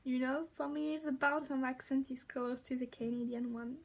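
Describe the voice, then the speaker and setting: A woman's voice: sits high, fairly even intonation, moderate pace, vocal fry. A young woman with a French accent, a French native speaker, chatting casually to camera in a vlog, rambling and correcting herself as she goes. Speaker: vlogger.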